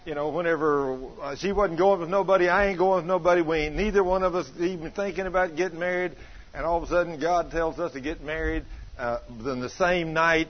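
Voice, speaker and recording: A man preaching a sermon, telling a story about his wife in a folksy, colloquial way with bursts of loud emphasis. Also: fairly high pitch, fairly even intonation, fairly quick. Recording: dull lo-fi sound.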